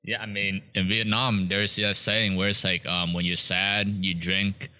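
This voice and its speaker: A man's voice: deep voice, level tone, unhurried, sharp tone. A man co-hosting a podcast, chatting casually with loose, swearing banter and frequent laughter. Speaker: podcast co-host. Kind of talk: casual chat.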